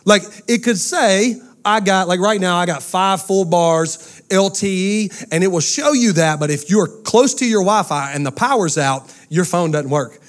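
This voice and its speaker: A man, preaching a sermon to a church crowd with lively storytelling and call-outs to the congregation. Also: high voice, measured pace, faint music behind. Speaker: pastor. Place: church sanctuary with a live audience.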